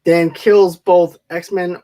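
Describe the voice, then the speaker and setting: A man's voice: high voice, level tone, very slow, mellow. A man co-hosting a casual movie review podcast, giving laid-back plot summaries. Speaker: podcast co-host.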